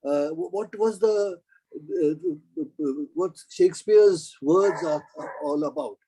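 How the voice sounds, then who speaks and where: A man chatting playfully on a video call, halting with many fillers. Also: on the high side, warm tone, husky, poor audio. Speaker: book club member. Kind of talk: casual chat.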